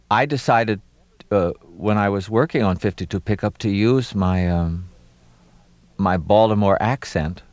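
Middle-aged man, from Maryland, very low voice, hesitant, wry, dry close sound. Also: a little mellow, no echo. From Maryland, USA. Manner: hesitant, with many pauses and fillers, wry. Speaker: actor, interview guest. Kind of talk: reflective interview conversation.

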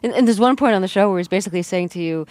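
Woman, radio interviewer, gentle halting questions, dry close sound. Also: medium pitch, no echo.

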